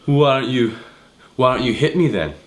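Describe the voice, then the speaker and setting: A man's voice: mid-range voice, sing-song, normal speed, voice pushed up, natural voice. A man voicing a rude young male partygoer who fires back indignant, whiny retorts. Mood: defiant.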